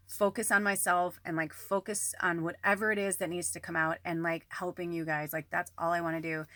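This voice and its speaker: A woman's voice: fairly low pitch, sharp tone, no room sound. A woman who works as a psychic medium, talking to her viewers in a rambling, candid monologue, swearing often and speaking close to the camera. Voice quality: frequent swearing, rambling and emphatic. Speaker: psychic medium and channel host. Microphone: camera close to the face.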